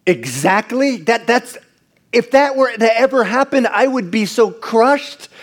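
A man preaching a sermon to a congregation, moving from hushed, slow passages to loud, excited bursts. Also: extremely high pitch. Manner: animated preaching, jumps between hushed and loud. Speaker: pastor.

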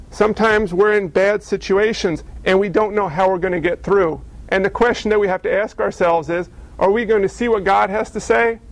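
A man's voice: sits high, vocal fry. A man preaching a sermon in a conversational, self-deprecating way, with playful asides to his congregation. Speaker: pastor.

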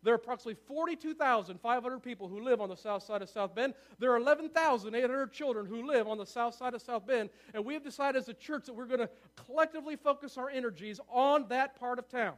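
A man delivers a sermon in a church, his voice pitched unusually high. He talks at a rapid clip and gets visibly excited, checking in with his listeners as he goes. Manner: excitable, fast-talking, asks the room for agreement. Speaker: pastor. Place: church sanctuary.

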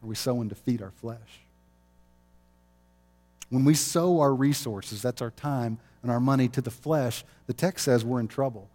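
A man's voice: mid-range voice, moderate pace, darkish tone. A male pastor preaching a sermon in a chapel, conversational and often chuckling.

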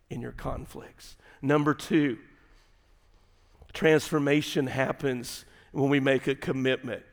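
A male pastor preaching a sermon, folksy and animated, daring the congregation. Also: mid-range voice. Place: church sanctuary. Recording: long hall reverb.

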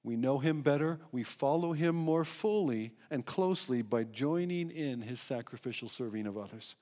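A man's voice: medium pitch, moderate pace, mellow. A man preaching a sermon as pastor, earnestly leading his congregation in reading and prayer. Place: church sanctuary.

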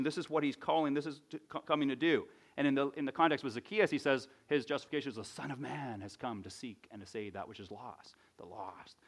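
A man's voice: mid-range voice, fairly bright tone. A man preaching a sermon, teaching in a conversational way and often checking in with "right?". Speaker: pastor.

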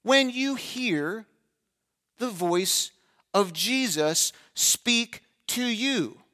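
A male pastor preaching a sermon in a high, bright, forceful voice. He keeps asking the congregation direct questions and answers them himself. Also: animated, drawn-out words. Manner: asks the congregation rhetorical questions and briefly acts out their replies.

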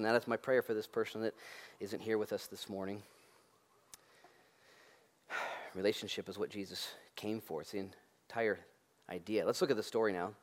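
A man preaching a sermon as pastor, lively and joking, acting out the voices of the people in the story. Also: mid-range voice.

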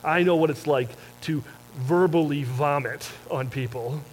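A man preaching a sermon in a conversational storytelling way, often dropping soft and low for emphasis. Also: unhurried, slight background noise, low-quality recording. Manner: self-described wordy talker. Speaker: pastor.

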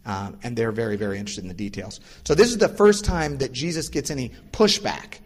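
A male pastor giving a casual, explanatory sermon. He acts out the voices of the people in his stories. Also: fairly quick. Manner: casual and explanatory, acts out quoted voices with lively pitch jumps. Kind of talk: conversational sermon. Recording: long reverb of a large hall.

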